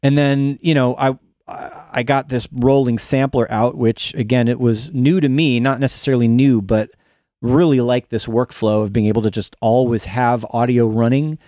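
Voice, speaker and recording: A man's voice: mid-range voice, fairly even intonation, moderate pace, mellow, no room sound. A man hosting a casual livestream in a New York studio, thinking aloud with restarts as he demonstrates music production. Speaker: music production instructor and show host.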